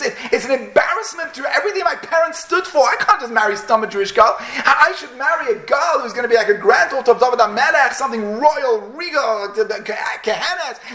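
A man putting on a proud young captive, a priest's son who wails in a high, sharp voice, indignant at his fate. The voice rings out in a roomy space. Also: exaggerated voice.

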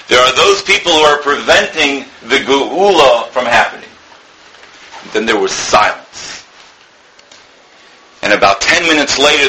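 A man's voice: mid-range voice, pushed and bright, a little hiss or hum, low-quality recording. A man giving an earnest Torah talk as a rabbi, telling a story and sprinkling in Hebrew and Yiddish words.

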